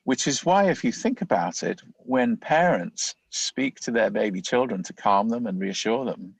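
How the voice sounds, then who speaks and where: A man's voice: medium pitch, animated, moderate pace, gravelly, breathy edge, no room sound, rough recording. A man, a leadership coach, explaining ideas in a conversational interview, often acting out inner thoughts as quoted voices.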